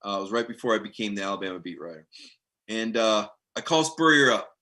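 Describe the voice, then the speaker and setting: A middle-aged sports beat writer hosting a casual live stream, animated and rambling, reading viewer comments aloud. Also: male voice, lowish voice, fast.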